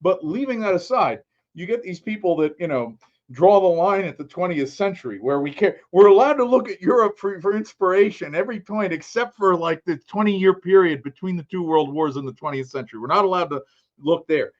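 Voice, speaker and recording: A man with a fairly high voice co-hosts a podcast in a loose, rambling way, circling back and repeating words as he builds his point. His audio comes through dull and lo-fi. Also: lively intonation, a little fast. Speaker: podcast co-host. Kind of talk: casual discussion.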